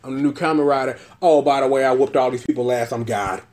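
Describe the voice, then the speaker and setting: A man voicing a cocky new masked TV hero who brags in a low, smug drawl. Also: fast talker, a little mellow, natural voice.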